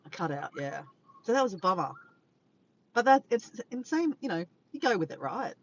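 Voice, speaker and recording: A tired Australian woman livestreams from her car, chatting casually to her viewers in a mid-range, sing-song voice at normal speed. She rambles, greets people by name and corrects herself, all on a dull lo-fi recording with faint background noise.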